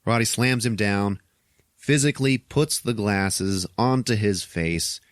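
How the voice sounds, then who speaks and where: A man with a deep, low voice recaps a film scene by scene on his podcast. He swears freely and chuckles as he goes. The recording is dry and close. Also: slow, dry recording. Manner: profane, chuckling, animated retelling. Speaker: podcast host. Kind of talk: casual movie recap.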